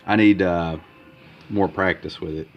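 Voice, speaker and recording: A man talking casually in a vlog about his comic art, halting with many fillers and repeated words. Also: deep voice, steady tone, lo-fi sound, faint music behind. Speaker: comic artist vlogger. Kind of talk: casual progress-update vlog.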